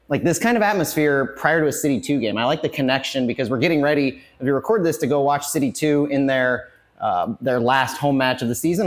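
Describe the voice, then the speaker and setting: A man hosts a sports podcast from a tavern, his voice sitting a little high. He is slightly out of breath and moves fast through the team lineup. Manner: energetic, rapid listing of lineups. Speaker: podcast host. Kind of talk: casual sports podcast chat. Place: bar and tavern, live on location.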